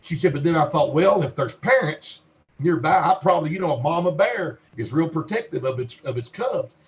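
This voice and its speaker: A man's voice: on the high side, lively intonation, a little fast, poor audio. A middle-aged man with a Western Kentucky accent, a researcher telling folksy, rambling stories on a podcast and acting out the people he quotes. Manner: folksy rambling storyteller, acts out quoted dialogue. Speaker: Bigfoot researcher guest. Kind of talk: podcast interview storytelling.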